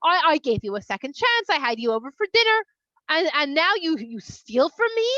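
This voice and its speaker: Woman voicing a stern male ruler in a storybook retelling; high, bright, dry sound. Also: very animated, fairly quick, no echo, lo-fi sound, exaggerated voice. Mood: angry. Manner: scolding, stammering with anger. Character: Yosef, male Egyptian ruler, stern and accusing.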